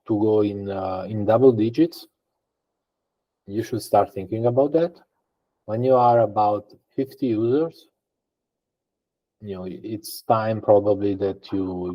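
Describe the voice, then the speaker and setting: A man's voice: fairly low pitch, mellow, low-quality recording. A man answering as a guest in a podcast interview, explaining things conversationally and thinking aloud with frequent fillers and restarts. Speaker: guest data engineer.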